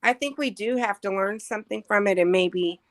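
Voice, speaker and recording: A woman on a casual video-call panel, calmly making a suggestion to the group. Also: mid-range voice, normal speed.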